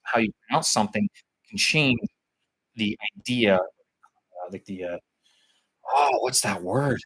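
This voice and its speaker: A man's voice: on the low side, a little slow, a bit bright, husky, rough recording. A man talking live about teaching English, rambling and searching for words as he thinks aloud. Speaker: vlogger on teaching English abroad. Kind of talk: live-stream talk.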